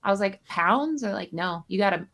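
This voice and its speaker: Talking quickly in a level, creaky, mid-range voice, a woman co-hosts a live stream with casual chat about a card game. Her talk is rambling and self-deprecating, with a jokey edge.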